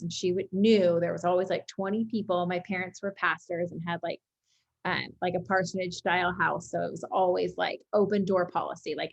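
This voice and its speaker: Brief: woman author, slightly low voice, animated chatty storyteller, video-call audio. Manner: lively storytelling, many fillers like "like". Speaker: cookbook author. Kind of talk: casual conversation.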